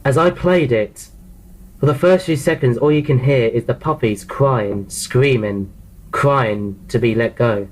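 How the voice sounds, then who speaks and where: A man of ordinary pitch narrates a horror story in the first person. He reads plainly, tripping over words and repeating phrases as he goes. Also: measured pace, a little mellow, poor audio. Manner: plain reading with frequent restarts.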